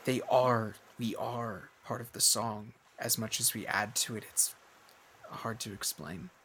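A detached water spirit, voiced by a man, speaks slowly and solemnly. Each line is measured and unhurried. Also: fairly low pitch, steady tone, fairly bright tone, slight background noise. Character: ancient otter-like water spirit, calm and detached.

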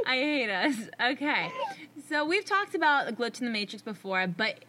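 A young woman co-hosting a casual podcast, animated and jokey and swearing casually. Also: a little high, unhurried. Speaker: podcast co-host. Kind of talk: casual chat.

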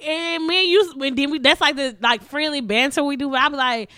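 Bright, high-voiced woman telling stories. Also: fast talker, few pauses, no echo, clean studio sound. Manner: animated storyteller, quotes others. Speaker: podcast co-host. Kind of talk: casual chat.

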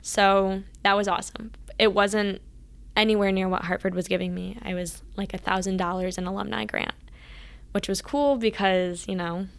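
A woman's voice: mid-range voice, level tone, normal speed, creaky. A woman guest in an interview, earnestly recounting her time as a college athlete and often acting out past conversations. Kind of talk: casual interview storytelling.

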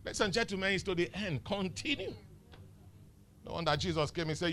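Man, pastor, sermon, emphatic, teasing, high voice. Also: animated, a little fast, bright, forceful tone, slight background noise. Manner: emphatic, teasing, rhetorical questions. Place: church.

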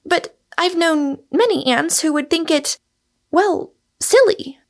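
A woman reading a novel aloud, voicing an eager, innocent young woman in a raised, bright voice. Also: very high voice, takes it slowly, pitched above the performer's own voice, heavily acted. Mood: wondering.

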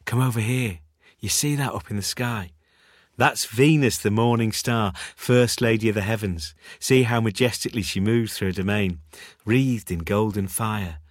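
An actor with a Manchester accent playing a young pharmacist who enthuses softly and wistfully about the stars. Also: male voice, fairly low pitch, normal speed, dry recording, clean studio sound, natural voice. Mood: dreamy. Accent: Mancunian. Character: dreamy stargazing young male pharmacist.

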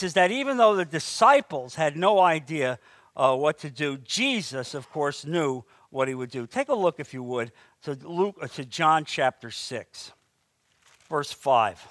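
A man delivers a sermon with a fairly high voice and lively, animated preaching. His delivery swings up into emphatic bursts and drops back down. The sound is dry, with little room around it. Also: dry recording. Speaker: pastor.

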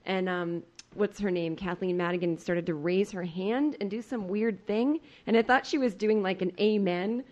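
A woman's voice: mid-range voice, normal speed, few pauses, darkish tone, muffled recording. A woman comedian on a podcast, telling a story in a casual way and acting out the people she quotes. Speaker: comedian guest.

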